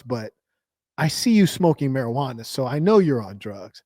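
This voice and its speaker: A man's voice: medium pitch, sing-song, moderate pace, a little mellow, no echo, clean studio sound. A man hosting a casual reaction commentary, joking and mocking, often laughing. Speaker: host reacting to a clip.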